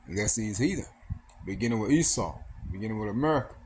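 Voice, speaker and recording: A man's voice: on the low side, lively intonation, fast talker, darkish tone, a little hiss or hum. A man giving a casual sermon, reading scripture aloud and often adding "man" and "all right". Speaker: preacher. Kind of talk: casual street-style sermon.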